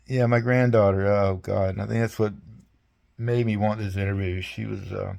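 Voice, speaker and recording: A man's voice: on the low side, steady tone, moderate pace, vocal fry, darkish tone. Older man telling rambling, salty stories. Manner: rambling, folksy, salty, chuckling. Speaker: veteran interviewee. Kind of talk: casual storytelling interview.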